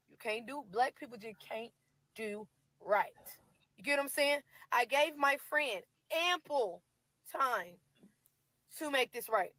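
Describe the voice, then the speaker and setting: A woman's voice: high-pitched, bright, forceful tone, no room sound, poor audio. A woman speaking in an impassioned, pleading way in a played video statement. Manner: impassioned, pleading, fast-talking.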